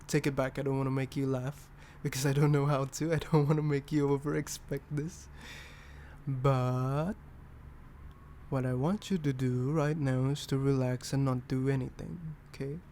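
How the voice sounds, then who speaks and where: A man's voice: mid-range voice, fairly even intonation, moderate pace, a little hiss or hum, lightly acted. British man playing a hesitant caring boyfriend. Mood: tender. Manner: soft, hesitant, with restarts. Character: caring young boyfriend, earnest and a bit hesitant. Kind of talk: boyfriend ASMR role-play.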